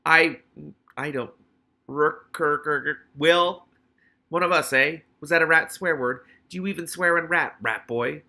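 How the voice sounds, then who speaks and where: A man voicing a haughty, sharp-tongued young girl who snaps indignantly, in an audiobook reading. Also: on the high side, a little slow, pitched above the performer's own voice, heavily acted. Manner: snapping, indignant.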